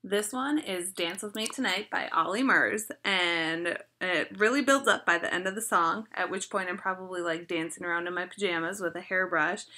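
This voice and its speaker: Bright, gushing chatty woman vlogger. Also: lowish voice, normal speed, hardly any pauses. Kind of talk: casual chat.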